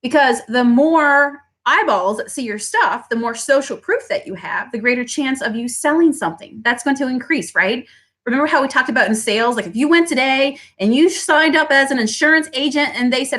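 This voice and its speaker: A woman who owns a small business, giving a motivational talk on pricing, often asking "right?" and acting out customers. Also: moderate pace. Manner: animated, acts out customers in high voices, asks "right?" often.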